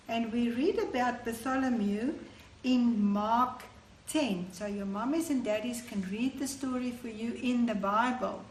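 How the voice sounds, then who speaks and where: A woman tells children a Bible story at an unhurried pace, her voice sitting a little high. She is recorded in a roomy church hall. A faint hum sits underneath. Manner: slow, warm-toned teaching to children.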